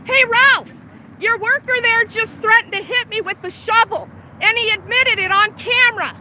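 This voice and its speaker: On a city street, a woman activist films a homeless camp sweep with a handheld phone, angrily heckling the workers and swearing at them. Her very high-pitched voice moves at a moderate pace over the noise of street traffic.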